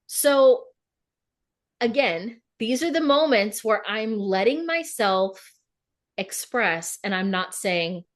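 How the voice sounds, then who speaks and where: A woman co-hosting a podcast over a video call, telling stories in a casual, animated way and acting out her own inner dialogue. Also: fairly high pitch, normal speed. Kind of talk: casual conversational podcast chat.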